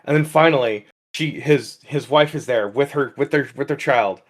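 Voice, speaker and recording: A young man co-hosting a comedy podcast, telling an absurd story in halting, rambling bursts. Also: mid-range voice. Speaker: podcast co-host. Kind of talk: casual comedic chat.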